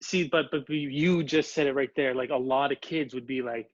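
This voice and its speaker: A man's voice: medium pitch, steady tone, normal speed, dry recording. A man hosting an interview, reflecting and agreeing with his guest, often repeating words as he starts a thought. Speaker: podcast host. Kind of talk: casual interview chat. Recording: dry, slightly dull sound.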